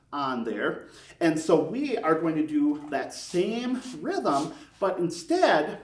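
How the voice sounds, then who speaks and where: A man's voice: on the high side, background noise. A man teaching beginners a brass lesson step by step, counting beats aloud and encouraging them. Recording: echoey room, mic at a distance.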